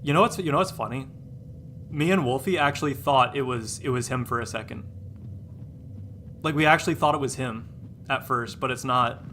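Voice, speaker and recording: A male streamer talks casually over his gameplay with a bright, sharp-edged voice. He rambles, trips over repeated words, and sounds exasperated and dismissive. A faint hiss of noise sits under the voice. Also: mid-range voice, normal speed, long pauses. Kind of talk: casual chat while live-streaming a game.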